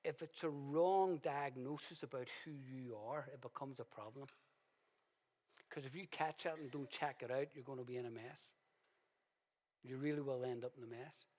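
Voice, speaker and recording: A male pastor preaching a sermon in a conversational way, with sudden loud, emphatic bursts. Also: mid-range voice, steady tone, normal speed. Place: church hall. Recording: reverberant church hall.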